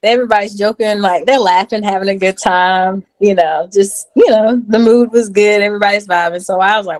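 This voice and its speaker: Animated woman telling her story. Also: a little fast, few pauses, poor audio. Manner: animated, acts out quotes in a high voice. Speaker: guest. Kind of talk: casual storytelling.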